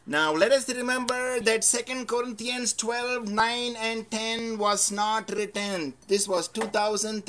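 A man preaching a sermon, telling a Bible story in a lively storytelling way, swinging from loud emphasis to soft asides. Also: sits high.

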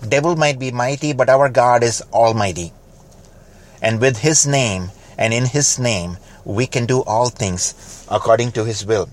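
A man preaching a fervent sermon, building to loud exhortation and dropping to quiet, slowed lines. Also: mid-range voice. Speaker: pastor.

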